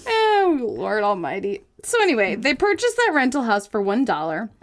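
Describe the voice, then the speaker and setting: A woman co-hosting a podcast, telling a story in a giggly, animated casual chat. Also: fairly high pitch, moderate pace. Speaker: podcast co-host.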